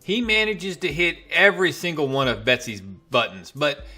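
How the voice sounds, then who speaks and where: Casting: man, comic reviewer, loose chatty recap, slightly high, bright tone. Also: moderate pace, soft background music. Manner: chatty, loose retelling with fillers and asides. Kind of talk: casual spoken recap.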